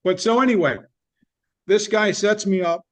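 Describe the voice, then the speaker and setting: A middle-aged man telling his business story in an interview, in a blunt, animated way with some swearing. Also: high voice, normal speed. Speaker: business owner guest.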